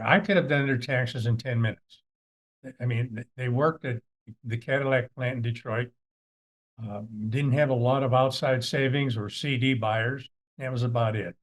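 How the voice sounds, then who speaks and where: A middle-aged man, hosting a financial advice video and telling a family story in a folksy, anecdotal way. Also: medium pitch. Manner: folksy, anecdotal, with animated quoted voices. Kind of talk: casual talk to camera, storytelling.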